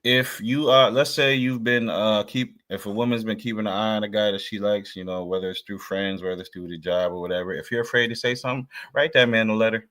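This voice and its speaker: A man's voice: lowish voice, steady tone, fast, few pauses, fairly bright tone. A man co-hosting a podcast, giving earnest, repetitive dating advice in casual chat. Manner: earnest, preachy advice with repeated "you know what I'm saying". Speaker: podcast co-host.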